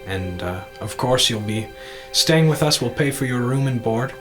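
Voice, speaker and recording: A man narrating as dungeon master of a tabletop game, halting with fillers and laughing often. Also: medium pitch, lively intonation, over music.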